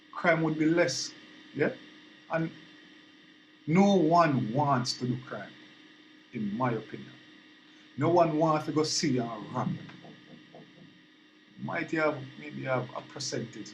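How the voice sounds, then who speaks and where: A man's voice: mid-range voice, slight background noise, rough recording. A young man with a Jamaican accent giving his opinion in a casual monologue, earnest and repetitive, often asking if you understand him. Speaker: vlogger.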